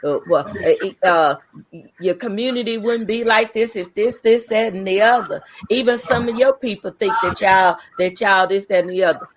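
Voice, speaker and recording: A woman's voice: medium pitch, moderate pace. A woman hosting a casual talk show, telling stories. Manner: lively storyteller, emphatic. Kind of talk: casual chat.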